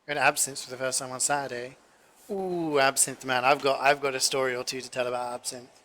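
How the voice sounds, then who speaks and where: Guy, twenties, cooking streamer; bright, forward tone, loose rambling anecdotes full of ums and swearing. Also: medium pitch, flat delivery, quick pace, a little hiss or hum. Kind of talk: casual chat while cooking.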